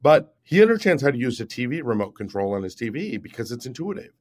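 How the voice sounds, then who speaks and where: A man's voice: mid-range voice, very animated, fast talker, darkish tone. Emphatic man in his fifties. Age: 50s. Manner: explanatory, emphatic, repeats "right?". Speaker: guest, app founder. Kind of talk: podcast interview.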